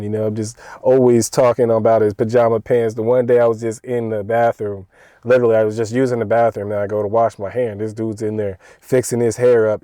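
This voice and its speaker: Laid-back, mellow-voiced man telling a story. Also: medium pitch, no echo. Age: adult, older than his young coworker. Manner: laid-back and slangy, chuckling often, with frequent "bro" and "you know". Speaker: vlogger telling a work story. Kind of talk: casual storytelling monologue.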